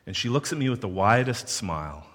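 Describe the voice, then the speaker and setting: Low-voiced male storyteller, playful asides, reverberant hall. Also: brisk. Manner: animated, playful asides to the audience. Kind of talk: personal storytelling.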